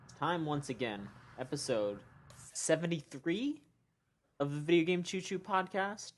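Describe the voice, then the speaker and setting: A man hosting a casual podcast chat, excitable and jokey, stumbling over his words often. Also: on the high side, measured pace. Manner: hyped, jokey, restarts often. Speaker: podcast host.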